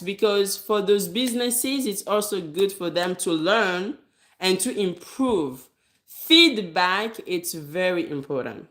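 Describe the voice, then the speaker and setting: A woman's voice: mid-range voice, fairly bright tone. A woman who runs a business, talking straight to viewers in a casual advice monologue. She is direct and emphatic, repeats her key points, and laughs lightly between them. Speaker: business owner giving advice; hair braider.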